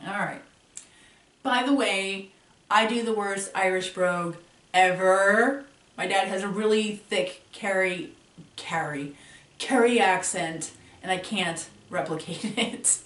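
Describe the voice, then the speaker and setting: Woman vlogger, spooky storytelling, animated, dramatic pauses, roomy room, distant camera. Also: mid-range voice. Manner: animated, dramatic pauses, laughs between lines. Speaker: paranormal vlogger. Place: room at home.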